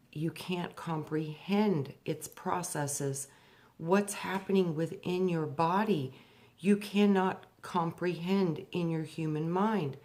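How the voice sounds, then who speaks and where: This woman, a spiritual speaker, narrates her own experiences in a hushed, slow voice on deep points. Animated while reliving memories, she rises sharply in pitch when she acts out her younger self.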